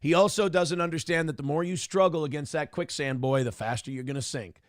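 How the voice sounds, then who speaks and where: A man's voice: a little high, fairly quick, no room sound, studio quality. A man hosting a stream, ranting in a snarky, smug, mocking way. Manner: mocking, taunting asides. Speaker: streamer host. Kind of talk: casual ranting commentary.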